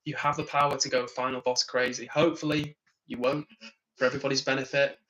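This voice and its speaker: A man's voice: mid-range voice, flat delivery, fast talker, fairly bright tone, low-quality recording. A tired, yawning man hosting a live stream, reading chat comments aloud, chatting casually and laughing often. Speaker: livestream host.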